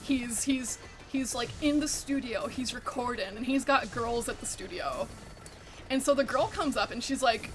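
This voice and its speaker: A woman's voice: fairly high pitch, normal speed, faint music behind. A young adult woman streaming a game, chatting casually and animatedly, swearing freely and saying "like" a lot. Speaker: VTuber streamer. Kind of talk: casual chat while gaming.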